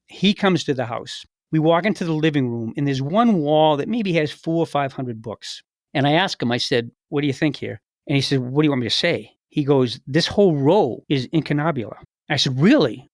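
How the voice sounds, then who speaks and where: An older American man, a retired agent, telling a case story in a lively conversational way, acting out the people he quotes. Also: fairly high pitch, no echo, studio quality. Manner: animated retelling, acts out quoted voices. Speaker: retired FBI agent, guest.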